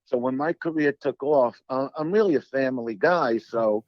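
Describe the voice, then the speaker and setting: A man, a comedian telling profane, animated stories as an interview guest. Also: mid-range voice, moderate pace, no room sound, dull audio. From Brooklyn, New York. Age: 60s. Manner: animated, profane, acts out quoted dialogue. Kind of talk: storytelling in an interview.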